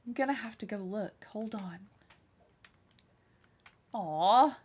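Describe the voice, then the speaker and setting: A woman chatting casually on a live game stream from her room, soft-spoken and giggly, gushing over cute things. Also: medium pitch, expressive, slow, a little hiss or hum. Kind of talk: casual livestream chat while playing. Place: her own room, small fan running beside her.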